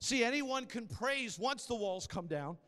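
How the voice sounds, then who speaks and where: A male pastor preaches with fervor, rising to loud calls and dropping into hushed storytelling. His voice is unusually high and smooth. Long reverb from a large church hall trails behind him. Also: lively intonation, measured pace. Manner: impassioned, swings between loud exhortation and hushed storytelling. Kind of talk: sermon.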